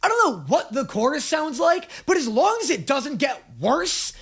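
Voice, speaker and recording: A man hosting a casual reaction video, excitable, crude and self-mocking. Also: extremely high pitch, normal speed, vocal fry.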